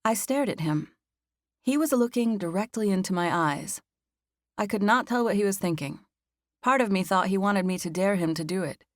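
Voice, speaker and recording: A woman narrating a first-person audiobook on a close studio mic, expressive and lively, and rising high for the heroine's nervous dialogue. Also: moderate pace, no echo.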